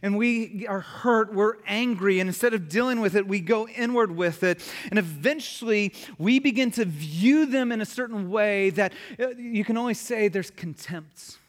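A pastor preaching a sermon, listing points and then dropping to a quiet, emphatic voice. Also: male voice, sits high, moderate pace, few pauses.

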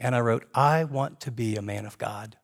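An older man preaching a sermon in a conversational, animated way, jumping to high emphatic peaks and dropping to quiet asides. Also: normal speed. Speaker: pastor.

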